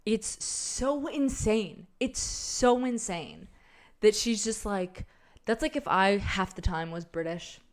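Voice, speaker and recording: Young woman, podcast co-host, casual rant, profane, animated. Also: medium pitch, slow. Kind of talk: casual ranting chat.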